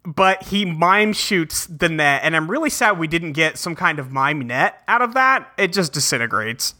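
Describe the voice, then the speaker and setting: Male podcast co-host, very bright tone, casual chatty plot recap. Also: on the high side, lively intonation, normal speed. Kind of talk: casual chat recapping a cartoon.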